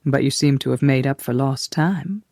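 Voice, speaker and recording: A narrator voicing a kindly woman who keeps a boarding house, who speaks in a soft, low and confiding way. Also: normal speed, no room sound, clean studio sound, natural voice.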